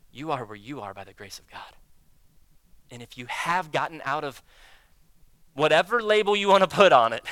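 A man preaching a sermon, acting out prayers and inner dialogue with God, swinging between loud emphasis and hushed, slow phrases. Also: sits high, clear, resonant tone, no echo. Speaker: pastor.

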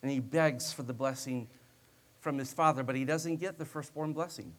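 A man's voice: medium pitch, normal speed. A male preacher delivering a sermon in a conversational storytelling style, with joking asides to his listeners.

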